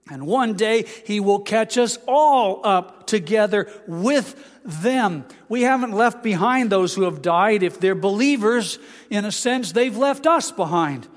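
A pastor giving a sermon, explaining scripture and reading passages aloud. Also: male voice, high voice, big-room sound. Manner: expository preaching, reads scripture aloud.

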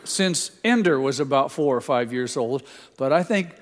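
Folksy family tales fill this sermon from an older male pastor, who teases his congregation like a seasoned storyteller. His mid-range voice is expressive and normally paced, echoing with a long tail through the big hall.

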